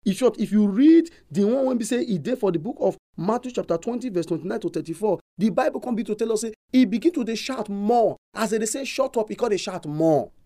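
High-voiced Nigerian pastor preaching. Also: male voice, expressive, fast, few pauses, mellow, no echo, studio quality. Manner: emphatic, repetitive storytelling. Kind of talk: preaching sermon in Pidgin.

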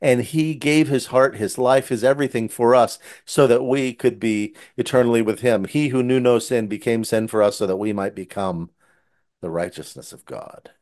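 A man's voice: mid-range voice, moderate pace, a little mellow. A man who writes Christian children's books, earnestly retelling one of his stories in casual conversation with frequent restarts. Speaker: Christian children's book author. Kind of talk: casual storytelling.

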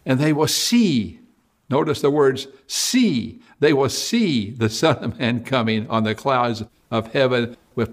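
Man, preacher, sermon, scripture reading, excited, loud-then-hushed, middle pitch.

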